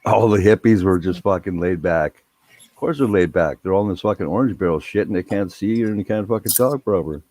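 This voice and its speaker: A man's voice: sits low, fairly quick, a little mellow, no echo. A man telling a rambling, profane story in a laid-back casual chat.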